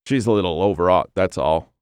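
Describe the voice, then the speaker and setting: A gravelly, defiant old man who answers in gruff, curt lines, as a male narrator voices him. The voice is very low and dry, close to the mic. It is a storybook figure with a hard, weathered edge. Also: brisk, a little mellow, no room sound, natural voice. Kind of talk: audiobook character voice.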